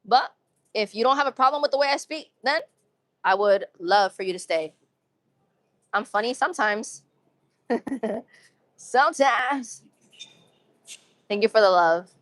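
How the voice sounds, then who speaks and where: Her medium-pitched, fairly bright voice moves at a moderate pace with frequent pauses, recorded without echo. A young woman from Massachusetts, she chats casually and cheerfully with livestream viewers in a New England accent, using some urban slang and often repeating phrases.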